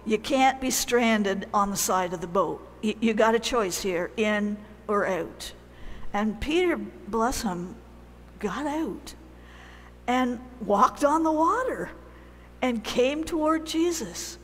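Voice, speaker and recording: Slow-speaking woman preaching in a church. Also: a little high, in a large hall. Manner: conversational, animated storytelling with pauses. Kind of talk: sermon.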